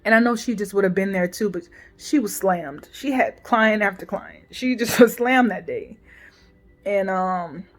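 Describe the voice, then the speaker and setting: A woman in her forties shares the story of a painful family rift in a personal vlog, her mid-range voice expressive over faint music. She speaks emotionally and haltingly, often restarting and trailing away softly.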